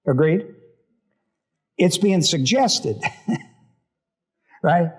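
Male pastor, slightly high voice, Bible study sermon; reads a verse, then pauses to quiz the congregation. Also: lively intonation, darkish tone, slightly rough. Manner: reads scripture and breaks off with questions to the congregation.

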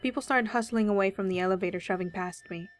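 A woman reading a first-person horror story aloud with steady, measured storytelling. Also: medium pitch. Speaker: story reader. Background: faint background music.

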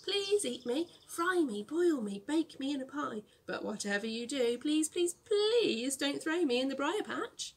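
A woman voicing a sly, boastful male rabbit trickster in a storybook reading, high, loud and bouncy. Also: big pitch swings, unhurried, few pauses, full character voice. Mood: pleading.

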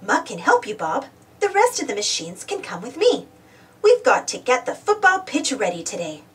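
A woman voicing a capable, bossy female builder in a storybook reading, brisk and firm. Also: a little high, huge pitch swings, a bit bright, recorded from a distance.

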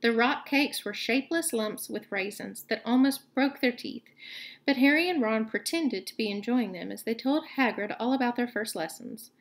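A woman's voice: on the high side, normal speed. Woman teacher reading a novel aloud. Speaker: teacher reading to a book club.

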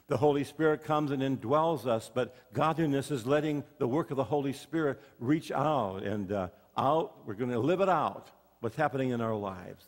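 A man preaching a sermon as pastor, telling folksy stories and asking the congregation questions. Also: mid-range voice. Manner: folksy storytelling with rhetorical questions. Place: church sanctuary. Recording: long hall reverb.

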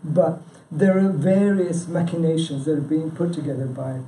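A man's voice: a little high, steady tone, moderate pace, dark tone, far from the mic, slight background noise. A man chairing a local branch, giving an informal presentation and quizzing the audience, chatty and prone to restarts. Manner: chatty, self-interrupting, with frequent "yeah?" and "you know". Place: meeting room with a live audience. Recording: echoey room, speaker away from the mic.

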